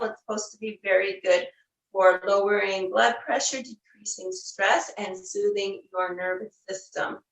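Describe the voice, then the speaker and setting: Woman yoga instructor, mid-pitched, calm guided cues; roomy room sound, set back from the mic. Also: recorded from a distance. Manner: gentle, unhurried cues with fillers. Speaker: yoga teacher.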